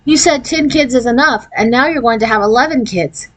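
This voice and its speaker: Patient, sensible big sister, voiced by a woman reader, lifted pitch, storybook. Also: brisk, fairly bright tone. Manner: patient, reasoning. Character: oldest girl, patient and reasoning.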